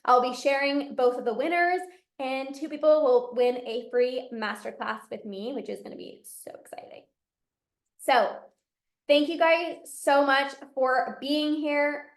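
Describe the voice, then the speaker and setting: A woman's voice: high voice, fairly even intonation, measured pace. A woman hosting a solo podcast as a coach, talking to her listeners in an upbeat, encouraging way. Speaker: podcast host and binge eating coach. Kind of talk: motivational solo podcast talk. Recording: echoey room.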